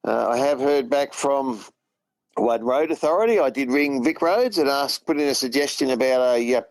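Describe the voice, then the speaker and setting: In casual phone-in storytelling, an Australian truck driver who's a regular guest rambles through long anecdotes, retelling what others told him. He speaks in a mid-range voice at a moderate pace; the recording is dry and the audio poor.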